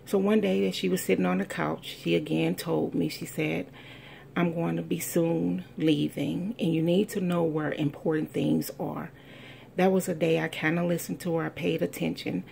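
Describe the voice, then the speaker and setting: Middle-aged woman, low voice, heavy gravel, earnest testimony, faint background hiss. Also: level tone, moderate pace, darkish tone. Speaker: speaker sharing a personal testimony. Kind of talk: heartfelt spoken testimony.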